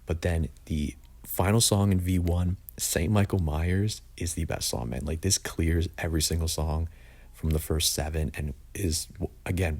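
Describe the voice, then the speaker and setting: In a mellow bass voice, a young man casually ranks albums, offering blunt opinions peppered with "like."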